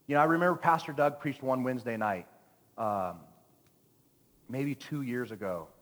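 A man's voice: mid-range voice, normal speed. A man preaching a playful sermon to his church as pastor, joking with the congregation while telling a story. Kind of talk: lively sermon with stories. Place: church sanctuary. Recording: long church hall reverb.

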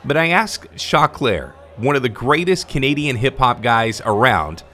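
A male podcast host talks through memorable interviews in an enthusiastic, conversational tone. He sounds as though he is chatting directly to listeners. His voice sits at an average pitch for a man. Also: lively intonation, unhurried, sharp tone. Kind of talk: reflective show narration.

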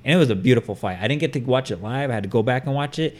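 Fast-talking man in casual chat. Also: medium pitch. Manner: rapid, profane, repeats words.

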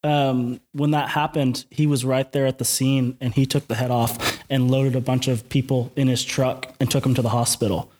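A young man guesting on a podcast, talking in a relaxed, rambling way with frequent laughs. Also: mid-range voice, normal speed, few pauses. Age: young adult. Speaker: guest, university mascot performer. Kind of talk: casual podcast interview.

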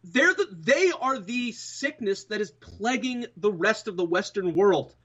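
A husky man with a high voice co-hosts a political talk show and argues at length with emphasis. His sound comes through dull and lo-fi. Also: expressive, unhurried, fairly bright tone. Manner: emphatic, building an argument at length. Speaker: co-host.

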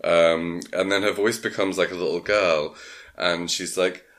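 A man's voice: sits low, steady tone, unhurried, a bit bright. A man, co-hosting a podcast, casually recapping a film plot in a rambling way, full of fillers.

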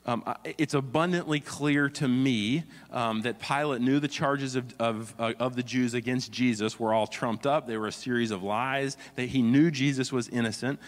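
Pastor preaching, earnest, reads scripture, long hall echo. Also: male voice, mid-range voice, steady tone, moderate pace, few pauses. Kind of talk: sermon.

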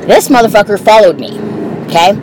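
A woman's voice: medium pitch, lively intonation, brisk. A woman telling stories in a candid, profane, casual way while she drives her car. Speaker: vlogger. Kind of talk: casual monologue while driving. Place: inside a car on the road. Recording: loud road and car noise.

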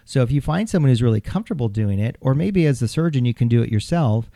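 Male podcast host, surgeon, warm dark tone, dry close sound, easygoing and jokey. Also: mid-range voice, quick pace, creaky, no echo. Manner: relaxed explaining, filler-heavy, jokey. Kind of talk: casual podcast chat.

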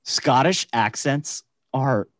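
A man's voice: mid-range voice, a bit bright, no room sound. An American man co-hosting a podcast, joking and teasing in casual chat. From United States. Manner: playful, teasing, quick to joke. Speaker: podcast co-host.

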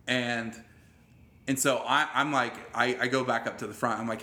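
Man, mid-pitched, casual storytelling, animated, swears a lot, restarts often, roomy echo. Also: moderate pace.

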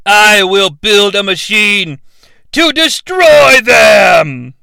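A man's voice: on the high side, moderate pace, bright, forceful tone, no echo, studio quality, voice pushed down. A man voicing an ancient, vengeful female witch spirit, mocking her grand, commanding speech.

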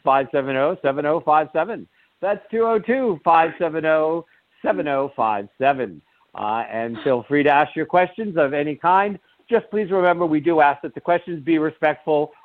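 A man's voice: mid-range voice, no echo, narrow, tinny audio. A man hosting a live call-in radio show, joking and rambling with lots of fillers.

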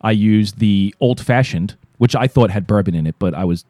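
Low, mellow-voiced man telling rambling stories. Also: moderate pace, dry recording. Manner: rambling, profane storytelling. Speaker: podcast co-host. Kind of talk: casual chat.

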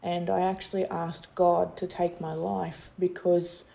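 A woman's voice: lowish voice, flat delivery, measured pace, gravelly, dark tone, lo-fi sound. A middle-aged woman, telling her life story candidly as an interview guest, with many fillers and restarts.

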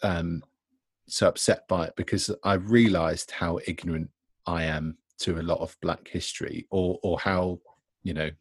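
A man's voice: low-pitched, fairly even intonation, moderate pace, husky, no echo. A man from Britain hosting a discussion, earnest and rambling with nervous laughs. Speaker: discussion host. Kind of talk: casual discussion.

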